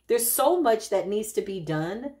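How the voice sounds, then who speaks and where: A woman's voice: medium pitch, expressive, unhurried, dark tone. A woman giving a casual spiritual tarot reading, talking straight to her viewers in a chatty way with frequent tag questions. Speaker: intuitive spiritual reader.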